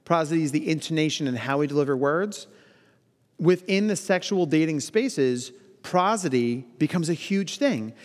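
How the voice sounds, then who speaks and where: A man in his thirties giving a playful, animated keynote talk at a conference, often acting out quoted voices. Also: on the high side, moderate pace. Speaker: keynote speaker. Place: large conference hall. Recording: long hall reverb.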